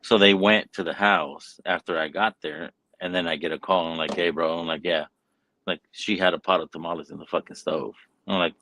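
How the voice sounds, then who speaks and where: A man with a very deep voice talks in a casual, rambling way, dropping profanity constantly as he tells a story. He sounds like a relaxed, unscripted podcast host. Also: fairly quick, dry recording, low-quality recording. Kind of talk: casual chat.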